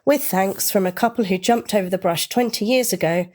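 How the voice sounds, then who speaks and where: A woman reads a listener's letter aloud on a podcast. Her voice sits in a middle pitch, and she delivers the letter steadily and clearly. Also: brisk, a little mellow. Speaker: podcast co-host.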